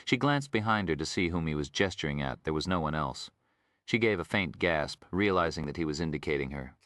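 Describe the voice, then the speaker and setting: A man giving scripted audiobook narration in a steady storytelling delivery. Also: very deep voice, fairly quick, dry recording, studio quality.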